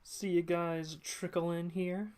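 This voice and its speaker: A live streamer in casual chat at a desk mic, talking loosely with frequent ums and quick laughs. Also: medium pitch, level tone, darkish tone, smooth. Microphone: desk mic at a computer.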